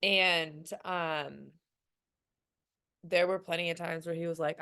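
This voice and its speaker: A woman's voice: on the low side, steady tone, takes it slowly, vocal fry, long pauses, bright, forceful tone, clear, resonant tone. A young adult woman sharing her experience on a team call in a candid, motivational way, often quoting her own thoughts. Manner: candid, quotes her own inner voice, frequent "like" and "um".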